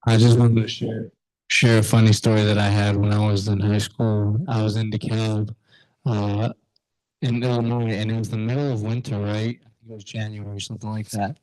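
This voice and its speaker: A young man in class casually telling a funny story, animated and full of fillers. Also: fairly low pitch, normal speed, no echo, poor audio. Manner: animated, lots of fillers and restarts.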